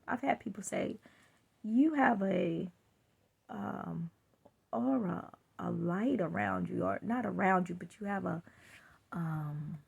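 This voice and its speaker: A woman's voice: medium pitch, creaky, a little mellow, husky. A woman telling a personal story in a chatty way, laughing now and then and acting out what people said. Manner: chatty, laughs while telling, acts out quotes.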